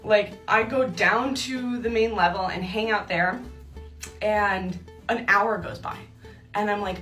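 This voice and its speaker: A woman's voice: mid-range voice, unhurried, fairly bright tone, reverberant. A young woman telling a personal story in a chatty way, laughing often and acting out her own thoughts. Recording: distant mic with faint music.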